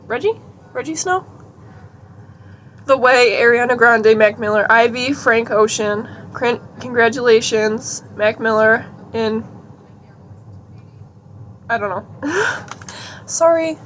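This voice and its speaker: A woman's voice: fairly high pitch, slow pace, long pauses, fairly bright tone, a little hiss or hum. A young woman chatting casually in a vlog, giggly and talkative, reading items aloud. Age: young adult. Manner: chatty, giggly, reads out a list. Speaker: vlogger.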